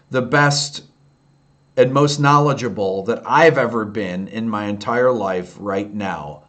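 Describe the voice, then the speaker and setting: A man's voice: medium pitch, a bit bright. A man in his fifties with an upstate New York accent, chatting candidly on a late-night livestream and answering viewers' comments in a rambling way. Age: 50s. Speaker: livestream host answering chat.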